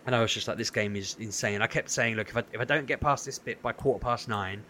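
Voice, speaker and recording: This podcast co-host has a lowish voice and a quick pace, and he's telling a long story in a casual way. Lots of the quotes get acted out in animated voices, and there's slight noise in the background.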